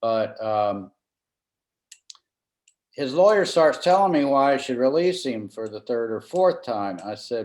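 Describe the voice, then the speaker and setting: A middle-aged Florida man, a trial lawyer and former county judge, settles into a long anecdote during a conversational interview, often quoting himself. His medium-pitched, darkish voice is animated, with a measured pace and long pauses. The recording has a roomy echo.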